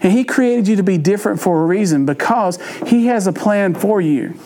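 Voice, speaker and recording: A man's voice: high-pitched, lively intonation, normal speed, mellow. A middle-aged man with a Cajun Louisiana accent, giving a folksy, joking youth sermon as a pastor. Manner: folksy, jokey, acts out family voices in his stories. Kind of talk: storytelling sermon.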